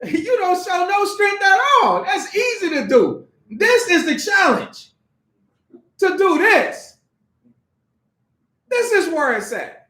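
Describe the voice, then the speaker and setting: High-voiced man preaching in an echoey hall. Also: fairly bright tone. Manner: conversational, street-casual preaching with acted voices and laughter. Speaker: pastor. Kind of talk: sermon with acted examples. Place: church hall.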